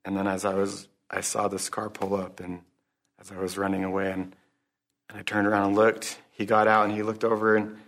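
A man giving an earnest, halting personal testimony at a recovery meeting, closing in prayer. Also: on the low side, completely flat delivery, a bit bright. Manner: halting, earnest, restarts often; religious, closes in prayer. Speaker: speaker sharing at a recovery meeting.

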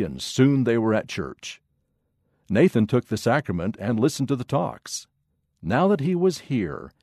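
A man narrating a children's story in an expressive, measured way. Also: medium pitch, dry recording, studio quality.

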